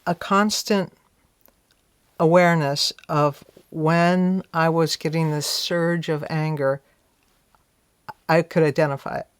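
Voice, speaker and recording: A woman's voice: deep voice, steady tone, slow, pauses often, clear, resonant tone, dry recording. A woman being interviewed, telling a story in a reflective, conversational way, often saying "you know" and voicing her own past thoughts aloud. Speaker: interview guest.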